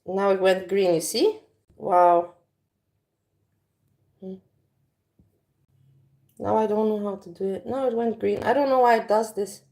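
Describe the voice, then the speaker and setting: A woman's voice: medium pitch, steady tone, measured pace, pauses often, darkish tone. A woman chatting casually to viewers in a livestream from her home kitchen, talking frankly and rambling as she goes, recorded on a phone. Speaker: livestream host.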